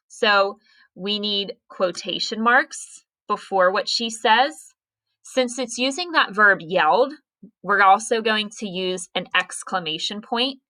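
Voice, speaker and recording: Teacher lady walking through punctuation real slow and careful, bright tone. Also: medium pitch. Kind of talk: recorded grammar lesson.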